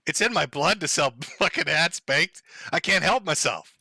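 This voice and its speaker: A man's voice: a little high, expressive, moderate pace, creaky, pushed and bright, breathy edge, dry recording, studio quality. A man hosting a live stream, giving sarcastic, mocking commentary and laughing often.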